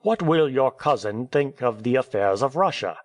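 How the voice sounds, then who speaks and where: A man's voice: medium pitch, expressive, normal speed, no room sound, voice pushed up, lightly acted. A man reading an audiobook, voicing a wounded, stubborn male English journalist in a terse, reserved way.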